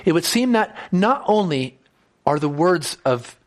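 A man delivers an expository sermon in a higher-pitched voice. He reads a verse, then explains it in plain words. When he speaks the text's lines in first person, his voice climbs with emphasis. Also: very animated, unhurried. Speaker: preacher.

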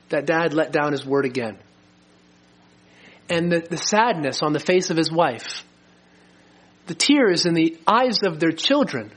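A middle-aged man preaching a sermon as a pastor, earnest and slowing down to stress key lines. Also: on the high side. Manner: earnest, slows for emphasis.

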